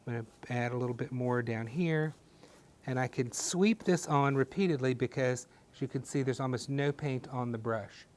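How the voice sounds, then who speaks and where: A man teaching a step-by-step painting class, talking gently and encouragingly with folksy little sayings. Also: medium pitch, moderate pace. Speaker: painting instructor.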